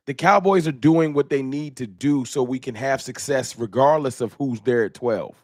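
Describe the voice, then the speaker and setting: A man hosts a live fan talk stream, chatting in a loose, slangy, animated way. His voice sits in a middle range. The sound is dry and close with no room echo. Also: mid-range voice, normal speed. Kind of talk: casual live-stream chat.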